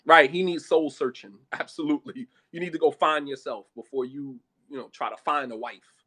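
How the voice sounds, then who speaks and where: A man's voice: mid-range voice, steady tone, fairly quick, bright, forceful tone, slightly rough. A man giving a religious talk on marriage, blunt and emphatic, mixing casual street talk with Arabic phrases. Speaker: Islamic speaker.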